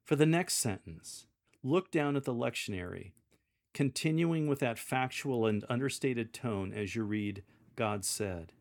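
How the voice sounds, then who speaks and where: A man giving measured, deliberate instructions on how to read scripture aloud to a congregation. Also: medium pitch, expressive, vocal fry. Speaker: lector coach. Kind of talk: instructional coaching on scripture reading.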